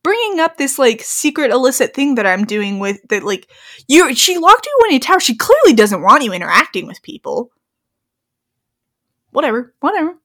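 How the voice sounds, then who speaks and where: A young woman, serving as story reader and co-host, reads an old-fashioned fairy tale aloud and keeps breaking into giggly, joking commentary. Her high voice swings widely in pitch and is fairly bright, at a moderate pace.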